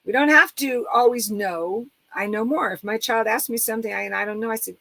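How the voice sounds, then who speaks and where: Animated middle-aged woman telling stories. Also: fairly high pitch, a little fast, vocal fry, no room sound, rough recording. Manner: animated storyteller, acts out quoted voices. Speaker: author and coach. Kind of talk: casual interview talk.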